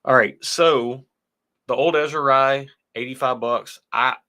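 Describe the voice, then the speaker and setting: Bright-voiced chatty man hosting a tasting. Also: mid-range voice, fairly even intonation, unhurried. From United States. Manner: chatty, reads viewer comments aloud. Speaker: whiskey show co-host. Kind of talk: casual livestream tasting chat.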